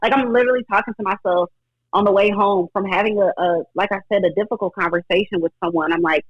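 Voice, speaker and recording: Husky woman guest on a faith talk show, earnest, dull lo-fi sound, dry. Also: mid-range voice, fast, dry recording. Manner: reflective, earnest, talks to herself aloud. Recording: dull lo-fi audio.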